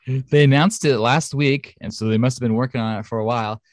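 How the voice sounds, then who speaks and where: A man's voice: mid-range voice, steady tone, brisk, dry recording, clean studio sound. A man co-hosting a podcast in casual chat, talking in a chatty, enthusiastic way with lots of fillers. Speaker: podcast co-host. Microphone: home studio mic.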